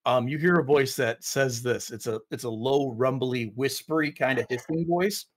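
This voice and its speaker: A man's voice: medium pitch, normal speed. A man running a tabletop game as game master, narrating casually with fillers and restarts.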